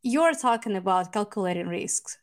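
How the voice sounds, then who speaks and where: A middle-aged woman hosting a podcast interview, talking in a halting way with pauses and restarts as she searches for words. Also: mid-range voice, expressive. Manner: halting, searching for words, non-native phrasing. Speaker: podcast host. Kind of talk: casual interview.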